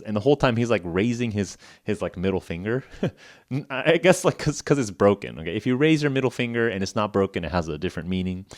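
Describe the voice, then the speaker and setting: A podcast host for English learners tells a story casually in simple words, saying "like" a lot and chuckling often. His voice sits on the low side, and the recording is studio quality with no room sound.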